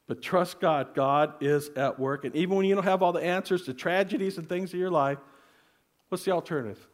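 A man preaching from the pulpit, his voice sitting a little higher than most men's. He tells his story earnestly and often sinks into soft, hushed tones. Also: a little fast. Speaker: pastor. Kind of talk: sermon.

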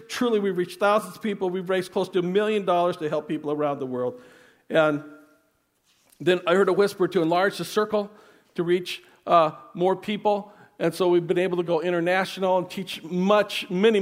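A man preaching from the pulpit, his voice sitting a little higher than most men's. He tells his story earnestly and often sinks into soft, hushed tones. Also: steady tone, a little fast. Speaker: pastor. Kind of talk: sermon.

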